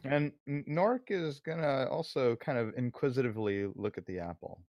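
A man playing a tabletop game, describing his character's actions in a wry, deliberate way. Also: mid-range voice, a little mellow, no room sound, clean studio sound. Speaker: player. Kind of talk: casual tabletop role-play.

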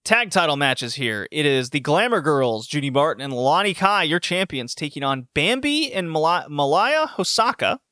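Male wrestling reviewer, opinionated and sarcastic, slightly high bright voice, dry recording. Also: very animated, normal speed, hardly any pauses, dry recording. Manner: sarcastic, opinionated, frequent self-corrections. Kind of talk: casual recap and commentary.

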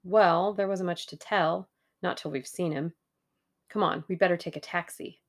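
A cheerful, steady young man speaks in brisk, plain sentences. His voice sits low and gravelly, as a woman reading an audiobook voices him. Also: natural voice.

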